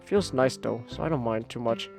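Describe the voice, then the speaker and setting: A male streamer reading a visual novel aloud, animated, prone to loud profane outbursts. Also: medium pitch, moderate pace, vocal fry, over music.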